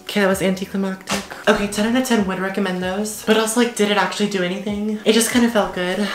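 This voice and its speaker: A teenage girl chatting quickly to her camera in her bedroom, joking at her own expense and dropping "like" everywhere. Her pitch stays fairly level, with little rise and fall. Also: steady tone, music in the background. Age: teens. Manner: chatty, self-mocking, says "like" a lot. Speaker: vlogger. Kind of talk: casual vlog chat. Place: bedroom at home.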